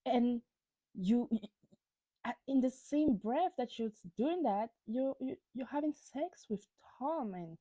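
A woman's voice: a little high, lively intonation, a little slow, warm tone, no room sound. A woman hosting a podcast, giving a ranting gossip recap of reality TV, swearing freely and stumbling over words when worked up. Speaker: podcast host.

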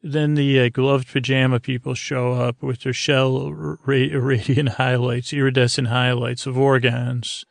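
Man, podcast host, monotone gravelly rambling recap, dry close sound. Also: medium pitch, unhurried, hardly any pauses, dry recording. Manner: rambling, full of uh and "he goes" asides. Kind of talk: casual, drowsy recap.

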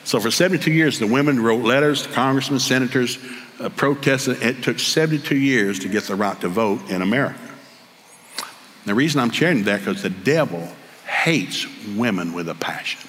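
An older man with a Southern US accent, preaching a sermon full of comic family stories and jumping into high voices for the people he quotes. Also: fairly quick, a little hiss or hum. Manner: animated storyteller, jumps to high excited voices for quoted people. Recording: long hall reverb, faint ambience.

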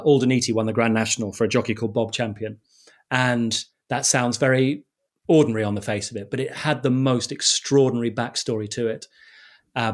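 This is a middle-aged man who presents sport on television. He talks in a mid-range voice. He tells lively stories in conversation and laughs at himself along the way. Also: mid-range voice. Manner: animated anecdotes with self-deprecating laughs. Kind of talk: conversational interview storytelling.

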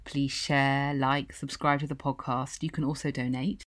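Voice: medium pitch, flat delivery, normal speed, fairly bright tone. A podcast host thanking a guest and then reading the show's outro to listeners. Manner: encouraging, affirming listener with frequent "mm-hmm".

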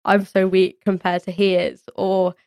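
A woman's voice: medium pitch, completely flat delivery, a little slow, a little mellow, smooth, no room sound, clean studio sound. A young woman, a Pilates teacher guest, talking in a rambling, reflective way with frequent giggles. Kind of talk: casual interview chat.

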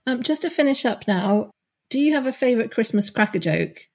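A woman's voice: a little high, animated, a little fast, a little mellow. A woman hosting a podcast, chatting casually and hesitantly, with many ums and restarts. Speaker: podcast host. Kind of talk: casual interview chat.

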